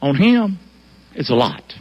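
A male pastor preaching a lively sermon in a church, colloquial and fiery, calling on the congregation to repeat after him. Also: mid-range voice, slow pace, husky, highs cut off.

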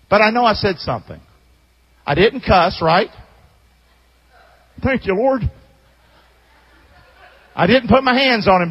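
A man preaching a sermon as a pastor, telling stories in an animated way that swings from loud to hushed. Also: sits high, muffled recording. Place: church sanctuary. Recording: long hall reverb.

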